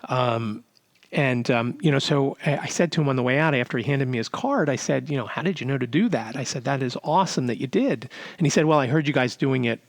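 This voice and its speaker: A man's voice: mid-range voice, animated, brisk, no room sound. A man hosting a podcast, telling a casual story with many fillers and restarts. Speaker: podcast host.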